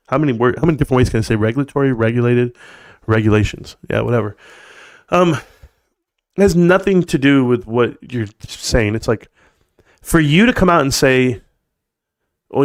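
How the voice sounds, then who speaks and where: On his live stream, a man in his forties rants with sarcasm and curses without restraint, keeping things loose and lively. His voice falls in the mid range.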